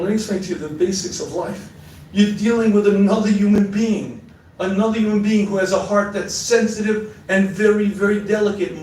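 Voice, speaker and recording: A man, a rabbi, giving a marriage seminar as a lively lecture with stories, often clearing his throat. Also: a little high, slight background noise. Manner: animated storyteller, frequently clears throat. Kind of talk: sermon-like lecture with storytelling. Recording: echoey hall, mic far off.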